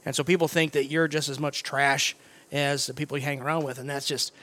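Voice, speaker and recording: A man's voice: medium pitch, little pitch movement, brisk, fairly bright tone. A man co-hosting a radio show in casual, joking banter, laughing often. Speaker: radio co-host.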